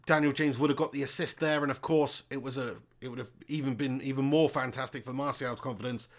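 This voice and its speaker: A man's voice: medium pitch, fairly even intonation, fast. A man hosting a live football watch-along stream, chatting casually and reading out viewer comments. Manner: chatty, reads out viewer comments, calls them mate.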